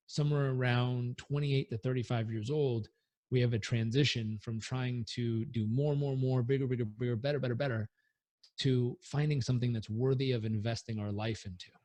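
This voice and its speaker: A man's voice: mid-range voice, a little mellow, dry recording. A man, a performance coach, answering interview questions earnestly and energetically, at times leading a breathing exercise aloud.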